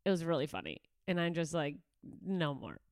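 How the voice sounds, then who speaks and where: A woman's voice: low-pitched, big pitch swings, quick pace, clean tone, no echo, studio quality. A young woman hosting a solo podcast, ranting profanely and sarcastically, slipping into mocking voices, a little congested. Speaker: podcast host.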